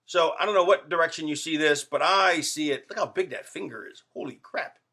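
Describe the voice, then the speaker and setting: A man's voice: a little high, brisk, pushed and bright. A middle-aged man rambling jokily to his fans in a casual vlog to camera, full of fillers and asides. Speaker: wrestler vlogging to fans. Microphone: camera facing the speaker.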